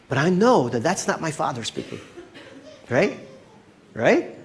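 Animated, conversational male pastor preaching. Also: a little high, measured pace, pauses often, a little hiss or hum. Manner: conversational and animated, checks in often with "right?". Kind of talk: sermon.

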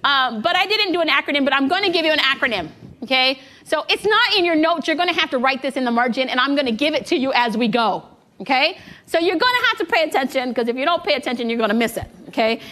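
A woman preaching a sermon to a congregation, lively and engaging them in call-and-response, a little out of breath. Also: sits high, fast talker. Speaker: guest preacher.

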